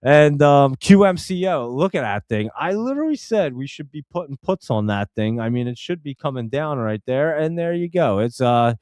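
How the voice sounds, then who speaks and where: A man's voice: fairly high pitch, very animated, normal speed, hardly any pauses, darkish tone, no room sound. A man hosting a stock market show, chatting casually and rambling with many fillers and restarts. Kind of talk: casual live-stream chat.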